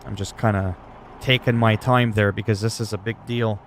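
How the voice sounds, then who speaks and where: A man's voice: fairly low pitch, moderate pace. A man streaming a game and chatting to viewers, telling stories bluntly with plenty of swearing. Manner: blunt, profane storytelling to chat. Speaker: livestreamer. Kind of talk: casual chat while gaming. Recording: steady background noise.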